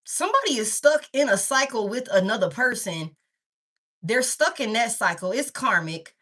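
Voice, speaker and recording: Her voice sits fairly high and has a sing-song, pushed, bright quality at normal speed. During a laid-back tarot reading, she speaks candidly and rambles to viewers she calls "baby" and "y'all," cursing without restraint.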